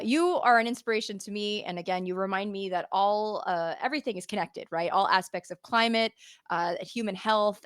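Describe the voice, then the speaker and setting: A woman's voice: fairly low pitch, no echo, clean studio sound. A woman hosting a podcast in casual interview chat, chatty and laughing often, with frequent restarts. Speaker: podcast host.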